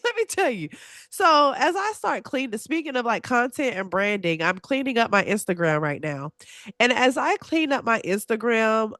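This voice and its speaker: A woman hosting a solo podcast in a casual, chatty way, talking straight to her listeners with lively, expressive swings in her voice. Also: no room sound, studio quality. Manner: animated and expressive, with big pitch swings; chatty and confiding, addresses listeners directly. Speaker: podcast host.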